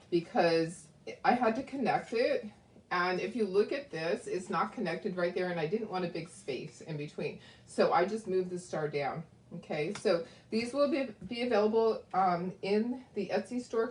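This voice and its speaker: A woman's voice: mid-range voice, darkish tone. A woman hosting a casual craft livestream, talking to viewers with lots of ums and asides, grieving and close to tears. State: grieving and tearful. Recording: echoey room.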